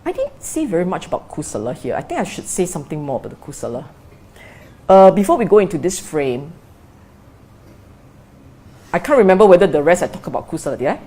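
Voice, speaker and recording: A woman's voice: on the low side, a little mellow. A woman teaching as a Buddhist meditation teacher in a dharma talk, repeating key phrases and asking rhetorical questions.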